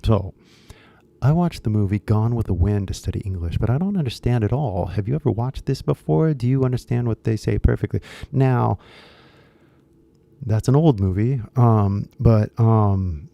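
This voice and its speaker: A man's voice: fairly low pitch, animated, normal speed, vocal fry, mellow, no echo, dull audio. A man with a Californian accent, talking bluntly and rambling to viewers of his English-teaching channel, mixing in some Japanese. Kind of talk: casual talk to viewers.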